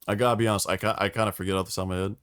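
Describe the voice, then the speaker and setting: A man hosting a casual podcast, telling lore in a profane, animated storytelling way. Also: lowish voice, racing, clear, resonant tone. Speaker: podcast host explaining lore.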